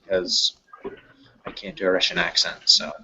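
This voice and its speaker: Lower-voiced man playing a tabletop game. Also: level tone, moderate pace, bright, forceful tone, soft background music. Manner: describes his character's actions plainly. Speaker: player. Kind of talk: casual tabletop role-play. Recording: dull lo-fi mic.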